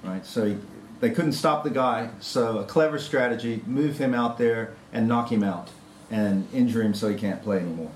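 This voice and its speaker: A man's voice: mid-range voice, normal speed, slight background noise. A man giving an academic conference talk, reading a prepared paper with hesitant ad-libbed asides. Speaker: lecturer. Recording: roomy lecture-hall echo.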